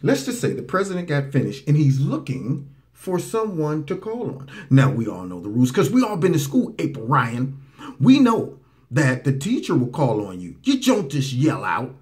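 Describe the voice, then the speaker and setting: Animated man hosting political commentary. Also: fairly high pitch, moderate pace. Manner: animated, mocking, talks over clips. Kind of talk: talk radio commentary.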